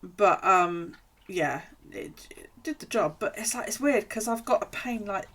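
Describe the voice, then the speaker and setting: A woman's voice: mid-range voice, animated, unhurried, fairly bright tone. A woman chatting casually on a live stream, rambling through stories and swearing freely. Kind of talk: casual chat while journaling on stream.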